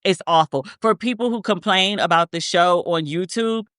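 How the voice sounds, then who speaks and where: This podcast co-host, a woman in her thirties, rambles through a story in casual conversation, constantly interrupting herself and starting over. She speaks at normal speed in a lowish, slightly bright voice, captured in a dry, studio-quality recording.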